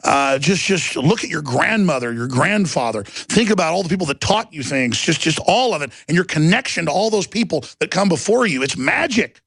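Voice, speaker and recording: Gravelly intense male talk show host. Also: a little high, lively intonation, a little fast, few pauses, a bit bright, no echo. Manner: emphatic, rambling, intense. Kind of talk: ranting monologue. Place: radio studio.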